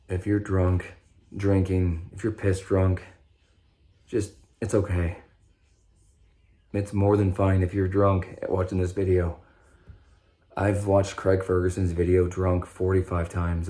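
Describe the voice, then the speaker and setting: A young man with a low voice talks straight to the camera in an unscripted monologue. He rambles and swears freely, breaking off and restarting his sentences. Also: warm tone. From Nebraska. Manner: rambling, profane, stop-start with many restarts. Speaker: vlogger sharing recovery story.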